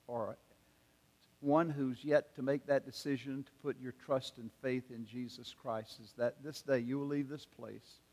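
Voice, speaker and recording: An older man from South Carolina, preaching a sermon and telling a story in an earnest, measured way with pauses and hesitations. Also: mid-range voice. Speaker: pastor. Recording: long reverb of a large hall.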